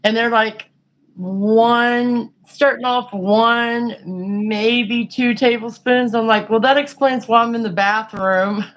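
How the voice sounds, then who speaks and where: A woman's voice: a little high, steady tone, slow pace, low-quality recording. A woman chatting casually and frankly, rambling through a story with lots of fillers. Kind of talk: casual chat.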